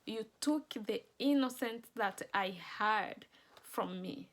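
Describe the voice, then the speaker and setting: A woman's voice: fairly high pitch, takes it slowly. A woman author giving an earnest, emotional personal testimony and promoting her books.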